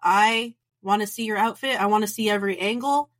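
A woman's voice: medium pitch, a little fast. Female podcast co-host, chatty and frank, ordinary mid-range voice. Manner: chatty, opinionated, blunt. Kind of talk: casual podcast chat.

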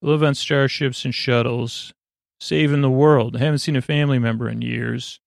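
A man quoting a zealous, stern older woman admiral in his own flat, gravelly voice. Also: medium pitch, moderate pace, no room sound, studio quality, natural voice. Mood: defiant.

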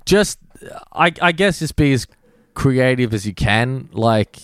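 An Australian man speaking as a guest DJ in a casual podcast interview, relaxed and slangy, swearing freely. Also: medium pitch, slow, clear, resonant tone, no room sound, studio quality. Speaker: guest DJ and producer.

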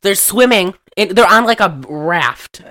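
Woman, podcast host, casual movie chat, lively swinging pitch, bright tone, teasing. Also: unhurried. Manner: joking, teasing, recaps the plot.

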